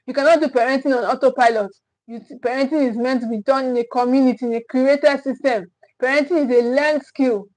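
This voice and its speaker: Emphatic high-voiced woman coach. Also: low-quality recording. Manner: emphatic and repetitive, preacher-like. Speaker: parenting coach. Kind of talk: motivational parenting talk.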